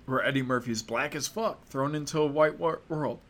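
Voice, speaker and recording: A man's voice: mid-range voice, moderate pace, fairly bright tone. A young American man giving opinionated, casual commentary in a sarcastic, mocking and profane way. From United States.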